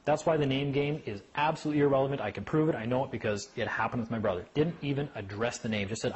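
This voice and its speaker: Animated man telling courtroom stories. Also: mid-range voice, fairly quick, slight background noise, rough recording. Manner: animated storyteller who acts out voices. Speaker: speaker on legal rights. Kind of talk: casual talk to a small group.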